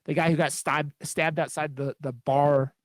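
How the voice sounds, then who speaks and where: A man talks horror movies on a podcast in a loose, rambling way, swearing freely. His voice sits a little high. The recording is dry and close. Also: flat delivery, moderate pace, no room sound. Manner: rambling, profane, enthusiastic. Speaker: podcast co-host. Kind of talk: casual podcast chat.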